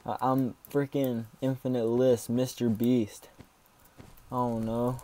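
A man's voice: medium pitch, little pitch movement, takes it slowly, warm tone. A man giving let's play commentary, joking around and yelping in mock panic when things go wrong. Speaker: gaming YouTuber.

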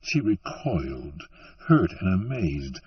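A man reading an audiobook in a slow, measured storytelling manner. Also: sits low, very animated, slightly rough, distant mic. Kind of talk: scripted audiobook narration. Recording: muffled, dry, from off-mic.

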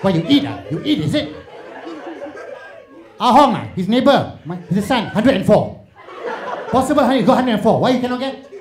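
A man's voice: animated, normal speed, long pauses, a crowd in the background. A man voicing a strict, scolding middle-aged Asian parent who nags in exasperation. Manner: shrill, exasperated nagging.

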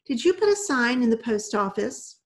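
A woman's voice: on the high side, very animated, moderate pace, voice pushed up. Woman reading a shy older lady on the phone, cautious, formal, hesitant, storybook.

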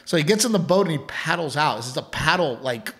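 Here a man with a slightly high, expressive voice speaks quickly while co-hosting a podcast. He laughs through a rambling family anecdote, repeating words and starting over many times.

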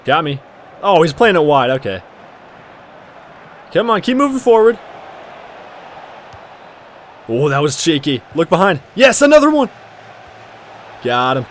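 Man, high voice, swooping pitch, joking game commentary, shouts at plays. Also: moderate pace, long pauses, slight background noise. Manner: excitable, jokey, shouts at the game. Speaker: gaming commentator. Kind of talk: casual gameplay commentary.

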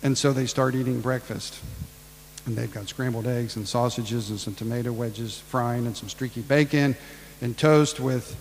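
A man's voice: medium pitch, fairly even intonation, moderate pace, in a large hall, slight background noise, poor audio. A man preaching a casual storytelling sermon, ad-libbing and acting out the people in the tale. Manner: casual, ad-libbing retelling with acted-out voices.

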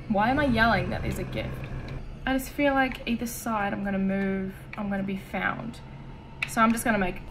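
A woman's voice: mid-range voice, steady tone, normal speed, very noisy. A woman giving nervous horror-game commentary, whispering one moment and shrieking the next. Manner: jumpy, swings from whispers to shrieks. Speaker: gaming streamer.

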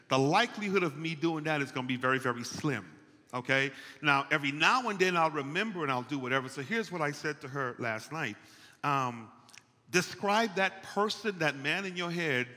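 A man preaching a playful, conversational sermon, calling out to the congregation. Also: a little high. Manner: animated, playful, calls out to the congregation. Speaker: pastor. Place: church sanctuary. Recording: long church hall reverb.

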